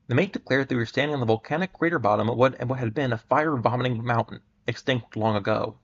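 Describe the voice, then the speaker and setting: A man giving a dramatic reading of an old adventure story at a measured pace, sometimes stumbling and restarting words. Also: mid-range voice. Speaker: reader. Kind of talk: dramatic reading of pulp fiction. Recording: muffled lo-fi recording.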